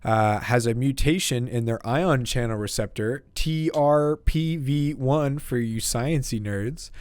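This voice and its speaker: A man's voice: medium pitch, measured pace, darkish tone, clean tone, no room sound. A young man co-hosting a casual podcast, reading trivia aloud and stumbling over long words. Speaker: podcast co-host. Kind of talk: casual chat.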